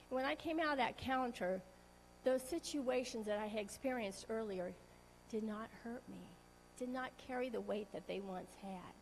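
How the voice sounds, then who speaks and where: A woman sharing an emotional personal testimony in a church talk, earnest and halting, often restarting her sentences. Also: fairly high pitch, a little hiss or hum, low-quality recording.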